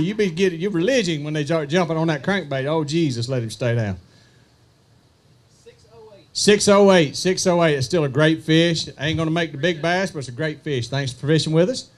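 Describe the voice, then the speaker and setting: A man emceeing an outdoor fishing tournament weigh-in, joking with anglers and calling out weights slowly. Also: a little high. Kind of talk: live weigh-in announcing with banter.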